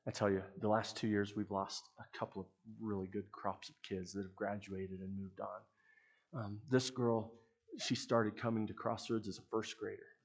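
A middle-aged man preaching with an earnest, storytelling delivery. His low voice is gravelly and a little husky, and his lines often fade off quietly at the end. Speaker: pastor. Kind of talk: sermon.

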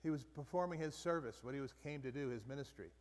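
A man leading a Bible study group in a relaxed, conversational way, often restarting and repeating phrases. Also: medium pitch, fast. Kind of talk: casual Bible study teaching. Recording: long reverb from a large room.

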